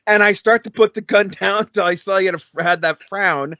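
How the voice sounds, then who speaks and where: A middle-aged man co-hosting a comedy album review podcast, animated and profane, often laughing as he tells stories. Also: high-pitched, a little fast, few pauses, no room sound, lo-fi sound. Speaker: podcast co-host.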